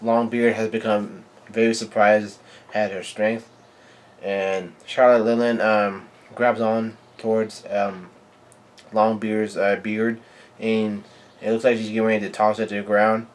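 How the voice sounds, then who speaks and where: A man giving a live reading and reaction to a comic chapter, in a halting, stumbling way full of restarts. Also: fairly low pitch, level tone. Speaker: manga reader and reactor.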